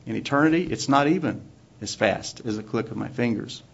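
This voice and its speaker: A man preaching a sermon to his congregation in a church, asking measured rhetorical questions. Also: mid-range voice, vocal fry, a little hiss or hum. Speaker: pastor. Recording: dull lo-fi recording.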